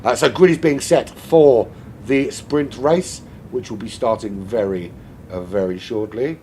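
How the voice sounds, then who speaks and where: A man's voice: mid-range voice, measured pace, a little mellow. A man calls a sim race live, rambling and joking between updates on the running order. He swears casually, with a faint hum of noise behind his voice. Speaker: race commentator. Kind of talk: live sim racing commentary.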